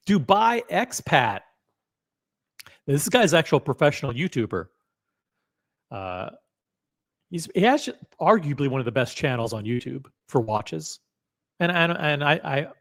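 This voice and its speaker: A man riffing on his own live stream in a casual, profane, joking way. His pitch sits in the middle but moves around a lot as he talks. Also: a bit bright. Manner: loose, joking, profane, reads chat aloud.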